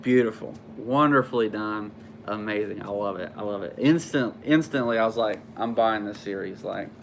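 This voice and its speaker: A man's voice: on the low side, moderate pace, gravelly, a little hiss or hum. A man casually reviewing comic books, rambling with many fillers and restarts.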